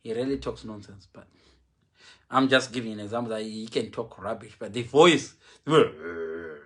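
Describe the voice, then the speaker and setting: A man's voice: lowish voice, moderate pace. A man preaching a humorous sermon, mixing English and Shona and acting out the people he quotes. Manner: animated, mixes English and Shona, acts out quotes.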